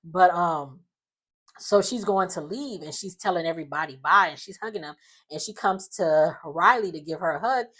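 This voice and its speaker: A woman casually recapping a reality show, telling it in an animated, sassy way with slangy asides. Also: lowish voice, moderate pace.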